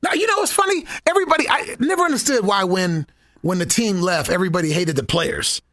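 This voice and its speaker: A man telling stories in a casual podcast chat, animated and swearing freely. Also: sits high, quick pace, no echo, studio quality. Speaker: guest.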